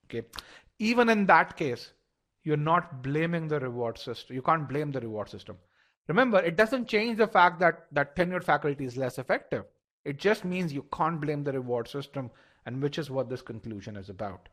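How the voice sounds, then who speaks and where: Higher-pitched man teaching a live online class. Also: animated, moderate pace, fairly bright tone. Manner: explanatory, repeats words and restarts, polls the audience. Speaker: test-prep instructor.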